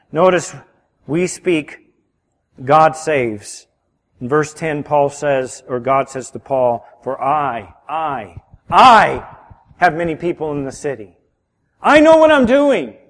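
A man preaching a sermon as pastor. He swings between loud, emphatic lines and hushed ones. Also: a little high. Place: church sanctuary. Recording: reverberant hall.

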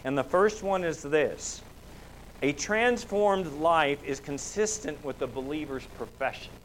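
A man's voice: fairly high pitch, measured pace, a little hiss or hum, rough recording. A man preaching a sermon in a church, asking rhetorical questions and pushing his voice up for emphasis. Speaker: pastor.

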